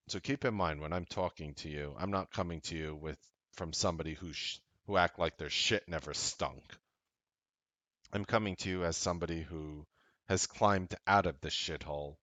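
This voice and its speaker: A man hosting a trading show, giving a casual, blunt motivational talk that grows loud and emphatic, with frequent swearing. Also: a bass voice, dry recording. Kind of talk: motivational talk to a live audience.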